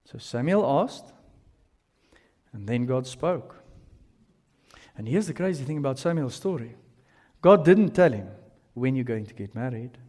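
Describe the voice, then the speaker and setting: A man preaching a sermon as pastor, telling lively stories with casual slang. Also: medium pitch. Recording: long reverb of a large hall.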